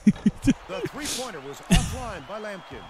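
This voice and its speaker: A man voicing a basketball video game's play-by-play announcer, making brisk calls over arena noise. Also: sits high, very animated. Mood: upbeat. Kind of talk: sports video game commentary. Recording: game audio with loud arena crowd.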